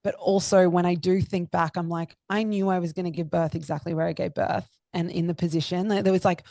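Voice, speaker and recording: A woman's voice: on the low side, creaky, dark tone, no room sound. Young woman, podcast guest, dry close sound, gushing and heartfelt. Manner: emotional, effusive, many fillers. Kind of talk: candid personal storytelling.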